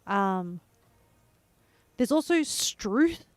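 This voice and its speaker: Slow-talking Australian woman streamer. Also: mid-range voice, very animated, no room sound, soft background music. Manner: rambling, searching for words, many restarts. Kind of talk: casual chat while gaming.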